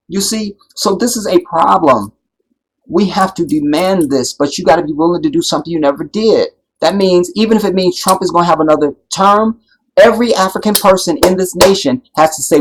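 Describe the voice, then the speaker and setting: A man hosting a live stream, talking in an impassioned, preachy way that builds to loud, emphatic peaks and keeps checking that his listeners follow. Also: sits high, a little fast, low-quality recording. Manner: preachy, builds to loud emphatic peaks, keeps asking "you see what I'm saying". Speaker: livestream host.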